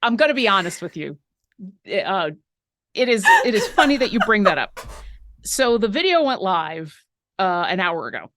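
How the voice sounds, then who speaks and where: A woman's voice: mid-range voice, big pitch swings, a bit bright, a little hiss or hum. A woman co-hosting a live painting stream, reading viewer questions and chatting in a rambling, talkative way. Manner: chatty and rambling, quick asides.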